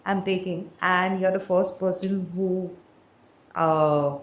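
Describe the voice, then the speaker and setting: A woman's voice: on the low side, steady tone, slow, reverberant. A woman hosting a podcast, talking in a loose, rambling way. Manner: rambling, many fillers, laughs often. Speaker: podcast host. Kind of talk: casual interview chat.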